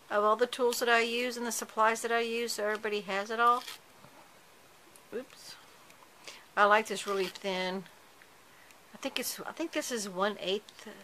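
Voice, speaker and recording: A woman's voice: mid-range voice, bright, forceful tone, slight background noise, poor audio. Chatty woman crafting while she talks. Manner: chatty, self-correcting while working with her hands. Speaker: card-making tutorial host. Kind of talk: casual craft tutorial narration.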